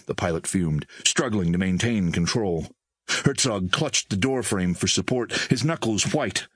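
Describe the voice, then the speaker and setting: A man reading an audiobook in a recording studio with measured storytelling on a close mic. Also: lowish voice, animated, fairly bright tone, husky, dry recording. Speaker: audiobook narrator. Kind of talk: scripted audiobook narration.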